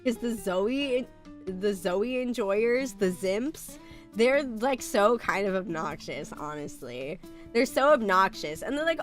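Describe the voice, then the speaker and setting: A woman's voice: mid-range voice, lively intonation, unhurried, soft background music. A sick woman streamer with a light American country accent, chatting casually and bluntly, laughing often and coughing. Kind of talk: casual live-stream chat.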